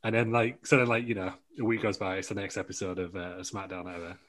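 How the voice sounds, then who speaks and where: A man casually pitching a made-up storyline, laughing often and rambling into quick impressions. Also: little pitch movement, fairly bright tone.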